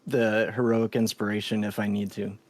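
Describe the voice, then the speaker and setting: A man's voice: fairly low pitch, level tone, moderate pace. A man playing in a tabletop game, casually explaining his character's actions and double-checking details. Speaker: player.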